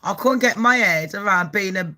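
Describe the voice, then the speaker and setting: A woman's voice: mid-range voice, normal speed, sharp tone. An English woman with a Birmingham accent, hosting a gossip channel, talking in a brash, foul-mouthed way and laughing often. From England. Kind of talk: casual gossip vlog.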